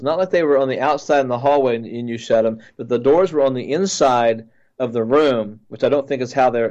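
A man, a pastor, earnestly recounting a dream in a halting way with many restarts. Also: mid-range voice, a little mellow, highs cut off.

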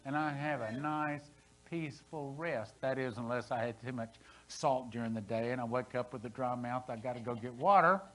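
A man in his sixties preaching a sermon as pastor, with dramatic swings between loud and hushed delivery. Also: medium pitch, normal speed, poor audio. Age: 60s. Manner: dramatic preaching, voice rising and falling sharply. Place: church sanctuary.

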